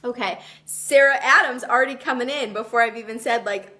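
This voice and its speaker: A woman's voice: on the high side, brisk, bright, forceful tone. A woman hosting a motivational live video, talking earnestly and emphatically and reading out viewer comments. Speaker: live stream host.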